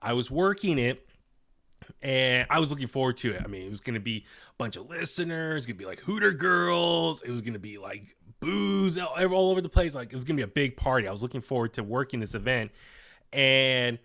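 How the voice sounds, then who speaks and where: A man's voice: mid-range voice, lively intonation, brisk, sharp tone. A young man as a podcast guest, telling a long story in a rambling, casual way with many fillers and restarts, acting out the voices of the people in it. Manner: acts out quoted voices.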